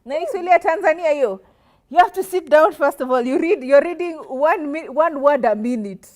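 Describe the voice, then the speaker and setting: High, lively Kenyan woman co-hosting. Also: a little fast. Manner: animated, acts out voices of others, laughs often. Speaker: podcast co-host. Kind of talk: casual chat.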